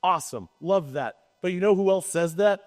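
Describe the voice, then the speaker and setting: A man's voice: high-pitched, moderate pace, in a large hall. A man co-hosting a podcast in casual chat, talking in a rambling, emphatic way and often restarting his sentences. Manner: rambling, self-interrupting, emphatic. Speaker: podcast co-host.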